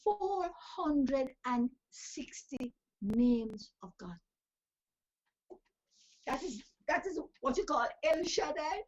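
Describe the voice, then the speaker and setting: Woman, high voice, preachy motivational talk, muffled lo-fi sound. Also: animated, slow, a little mellow. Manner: preachy, emphatic, with scripture phrases. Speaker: talk show host and life coach. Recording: dull lo-fi recording.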